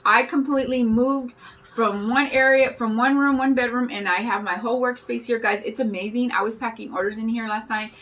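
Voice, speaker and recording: A woman's voice: on the high side, steady tone, brisk, fairly bright tone, low-quality recording. A woman in her fifties hosting a live craft tutorial, chatting in a bubbly, rambling way and greeting viewers by name as she works. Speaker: craft livestream host.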